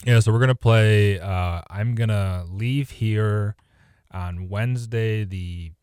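Deep-voiced rambling man, easygoing. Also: slow, darkish tone, clear, resonant tone, no room sound, studio quality. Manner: rambling, self-correcting, easygoing. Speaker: golf podcast co-host. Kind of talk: casual chat.

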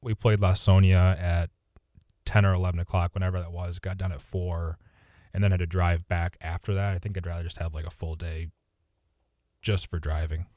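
On a golf podcast, a deep-voiced man chats casually and rambles, often stopping mid-sentence to correct himself. His warm, easygoing voice moves at normal speed with little change in pitch. The recording is dry, close-miked and free of echo.

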